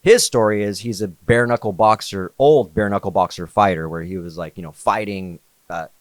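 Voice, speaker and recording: Low-voiced laid-back man telling a story. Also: normal speed, no room sound. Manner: laid-back, slangy, says "like" and "dude" often. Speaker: podcast guest. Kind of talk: casual storytelling in conversation.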